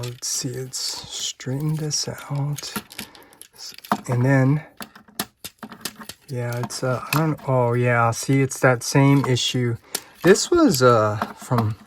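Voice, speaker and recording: Guy slowly walking thru a toy review, lots of uh's, mid pitch, noisy background. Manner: unhurried, hesitant, chuckles often. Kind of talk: hands-on toy review, thinking aloud. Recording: steady background noise.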